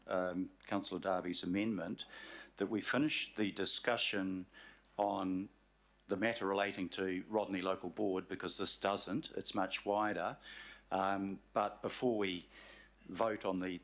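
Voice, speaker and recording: A man with a New Zealand accent chairs a council meeting in a fairly low voice. He steers the procedure politely, stalling often on ums and restarts. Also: a bit bright. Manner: polite, halting with many fillers.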